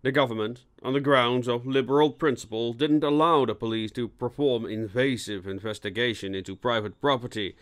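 A man reading scripted narration for an audiobook in a steady, even storytelling manner. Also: medium pitch, a little fast, few pauses.

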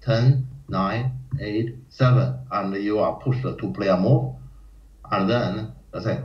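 A man teaching a Go lecture in non-native English, often acting out panicked players in a high voice. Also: unhurried. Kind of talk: live-streamed lecture. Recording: roomy, dull lo-fi stream audio.

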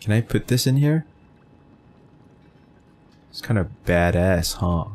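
A man's voice: deep voice, animated, slow pace, a little mellow, slight background noise. A man streaming a game, chatting casually with his chat, teasing, full of fillers and swearing. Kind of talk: casual gameplay commentary, reading chat.

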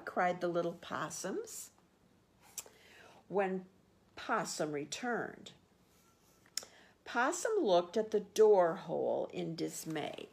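A woman, a children's librarian, reading a picture book aloud and gently explaining words and pictures to children. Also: fairly low pitch, big pitch swings, slow pace, vocal fry, long pauses.

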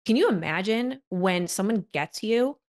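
A woman's voice: mid-range voice, lively intonation, a little slow. A woman hosting a podcast and chatting casually about her coaching, heartfelt and with frequent "like" fillers. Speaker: podcast host and wellness coach.

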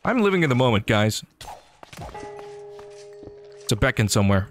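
A man giving excitable, joking commentary over his gameplay, often talking back to enemies on screen. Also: mid-range voice, moderate pace, soft background music. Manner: excitable, jokey, talks to enemies. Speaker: gaming YouTuber. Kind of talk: game commentary.

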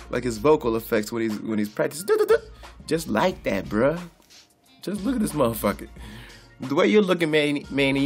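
Boisterous laughing man riffing on boxing. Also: mid-range voice. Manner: boisterous, profane, laughs a lot, preacher-style call-outs. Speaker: boxing vlogger. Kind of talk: loud comedic boxing commentary.

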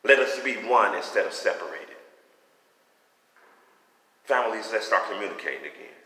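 A man's voice: on the low side, animated, moderate pace, pushed and bright. A man giving a personal faith testimony in a fervent, rambling, conversational preaching manner. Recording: echoey room with long reverb.

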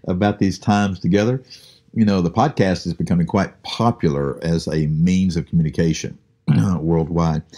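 Low, husky-voiced man teaching the Bible. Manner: relaxed, unhurried, with frequent "uh" pauses. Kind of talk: conversational Bible study.

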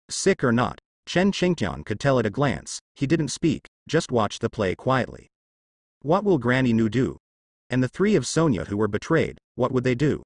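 A man narrating translated web fiction in a steady reading voice. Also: mid-range voice, moderate pace, dry recording, clean studio sound.

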